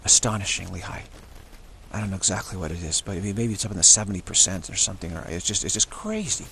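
Low, gravelly male host rambling through an unscripted monologue, full of restarts. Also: big pitch swings, fast talker, bright, forceful tone, slight background noise. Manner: rambling, many restarts and repeated words; acts out short quoted voices of others. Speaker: spiritual channel host.

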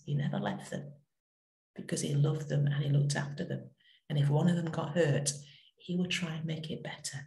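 A middle-aged woman vicar giving a gentle, reflective talk that tells a story, with pauses. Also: low-pitched, creaky, reverberant. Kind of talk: short spoken reflection.

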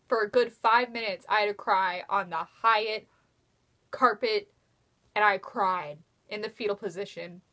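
A young woman tells a story to her webcam late at night, her voice a touch high. She gushes and rambles with breathless excitement, breaking into squealing outbursts. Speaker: fan vlogger. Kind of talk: casual storytelling vlog. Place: bedroom at night.

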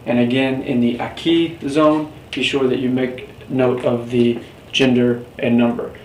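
The Spanish teacher in this recorded lecture has a medium-pitched, darkish voice, picked up by a distant mic in a roomy space with faint hiss. He patiently walks students through each step and quizzes them as he goes.

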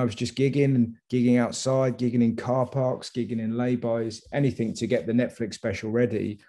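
A man from England with an English accent, a comedian chatting casually in an interview and telling rambling, animated stories. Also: lowish voice. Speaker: comedian guest.

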